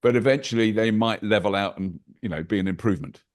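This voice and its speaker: Older man, deep-set voice, chatty and wry, telling stories on a video call. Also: fast talker. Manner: animated, anecdotal, with wry asides. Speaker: podcast guest. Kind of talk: casual interview chat.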